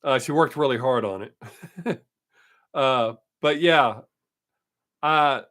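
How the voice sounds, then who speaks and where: A man's voice: on the high side, fairly bright tone. A man hosting his weekly live stream, chatting casually and answering viewer comments, brushing off critics. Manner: dismissive of critics.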